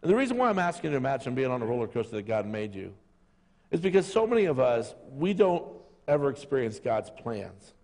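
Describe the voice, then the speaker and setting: A middle-aged man preaching as pastor tells humorous stories and acts out characters' voices, speaking fast at medium pitch with big swings and a slightly mellow tone. The sanctuary's long hall reverb hangs over everything.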